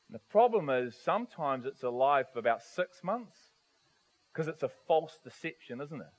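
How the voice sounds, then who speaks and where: A man preaching a sermon to his congregation, animated, asking rhetorical questions and swinging from soft to loud. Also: a little high, normal speed, rough recording. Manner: animated, rhetorical questions, varies volume widely.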